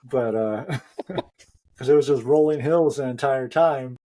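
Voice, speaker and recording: A man's voice: medium pitch, unhurried, warm tone. A man hosting a running podcast, telling a story in a chatty way and laughing often. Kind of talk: casual chat.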